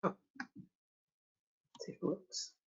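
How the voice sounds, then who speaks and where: A woman with a creaky voice, hoarse from laryngitis, apologetically introducing herself as an editor in an online meeting. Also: drawn-out words. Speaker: newsletter editor. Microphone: video call. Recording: dull lo-fi webinar audio.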